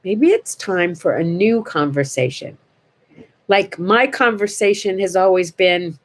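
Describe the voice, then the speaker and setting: An older woman hosting a casual morning chat, telling stories in an animated way and acting out the voices in them. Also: mid-range voice, measured pace. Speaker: host.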